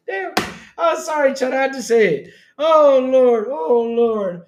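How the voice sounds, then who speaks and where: Man host, high lively voice, cusses a lot, roomy echo. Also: unhurried, a little hiss or hum. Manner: loud, excitable, swears and laughs often. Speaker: podcast host. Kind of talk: live-stream gaming chat.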